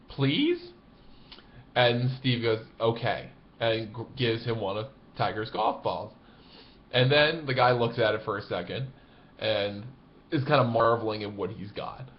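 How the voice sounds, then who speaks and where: A man telling a story in a casual, animated, conversational way, sometimes laughing as he talks. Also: mid-range voice, lo-fi sound, a little hiss or hum. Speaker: golf blogger.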